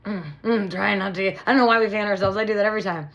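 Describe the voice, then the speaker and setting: Woman psychic medium, casual vlog to camera; blunt, animated, swears, emotional. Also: mid-range voice, fast, dull audio. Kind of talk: casual direct-to-camera talk.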